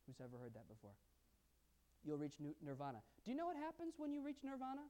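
Male pastor preaching, super animated, asks the crowd stuff, goes quiet then loud. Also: extremely high pitch, quick pace. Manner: animated, asks the audience questions, swings from quiet asides to loud emphasis. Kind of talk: sermon.

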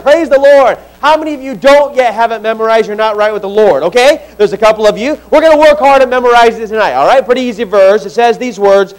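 A man's voice: extremely high pitch, rough recording. A man preaching a sermon to a church congregation, talking conversationally and joking with the people in the room. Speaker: pastor. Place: church sanctuary.

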